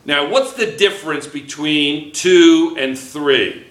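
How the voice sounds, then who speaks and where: A man's voice: a little high, slow, a bit bright. A man teaching chemistry to a class, playful and joking, firing questions at his students. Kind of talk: classroom lecture. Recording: echoey classroom.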